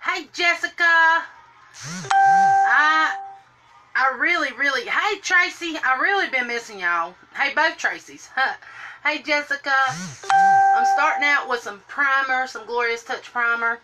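A woman's voice: sits high, unhurried, music in the background. A woman, chatting on a live stream while doing her makeup and greeting viewers by name in a sing-song lilt. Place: home room, indoors.

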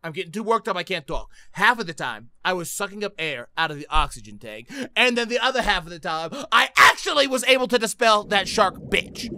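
Young male let's-play host, high and animated, loud profane reactions; music under. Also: a little fast, hardly any pauses. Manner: excitable, profane, shouting reactions. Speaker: gaming video host. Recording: game music behind.

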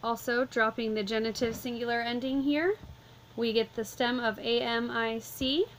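Woman teacher, slightly high pitch, patient step-by-step delivery, light background hiss. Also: moderate pace, rough recording. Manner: calm, methodical, step-by-step explaining. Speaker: Latin teacher. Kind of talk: vocabulary lesson walkthrough.

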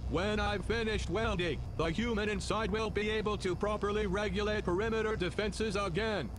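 A man voicing a polite deadpan welding robot in a game, courteous and cheerfully menacing. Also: high voice, moderate pace, background noise, lightly acted.

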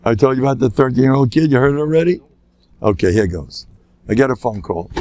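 A man's voice: medium pitch, fast talker, darkish tone, no echo. An older man, a rabbi, telling anecdotes in a lecture, laughing at his own jokes and acting out the voices of people in his stories. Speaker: rabbi giving a talk.

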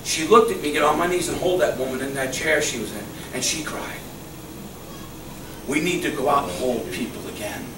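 A middle-aged male pastor preaching a sermon, swinging from loud exclamations to soft, low murmurs, recorded in a church. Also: normal speed. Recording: echoey church hall, mic at a distance, faint hum.

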